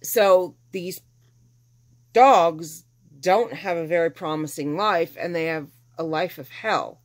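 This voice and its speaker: This woman, middle-aged with a fairly low pitch, talks slowly through a casual personal anecdote. When she quotes others she acts them out with animation and an exasperated edge.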